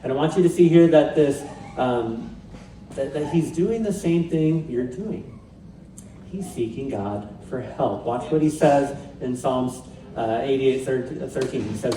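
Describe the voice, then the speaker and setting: Pastor guy giving a sermon, dark warm voice, mic kinda far off, roomy church sound. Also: medium pitch, a little slow, a little hiss or hum. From Pacific Northwest, USA. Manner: conversational preaching with light humor. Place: church sanctuary.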